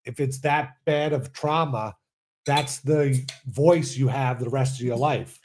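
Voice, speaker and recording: A man co-hosting a comedy podcast, laughing often and making blunt, dark jokes. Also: mid-range voice, unhurried, slight background noise. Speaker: podcast co-host. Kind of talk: casual comedic banter.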